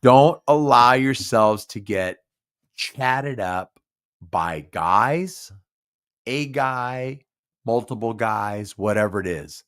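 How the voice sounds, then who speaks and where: A man's voice: medium pitch, expressive, takes it slowly, a bit bright, clear, resonant tone. A drunk man hosting a podcast, slurring his speech, rambling and stumbling over repeated words. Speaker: podcast host. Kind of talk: casual live podcast talk.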